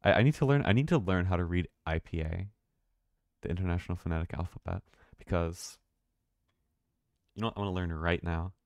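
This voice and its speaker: A man's voice: sits low, brisk, pauses often, dry recording, studio quality. A man thinking aloud and swearing casually while live-streaming a video game.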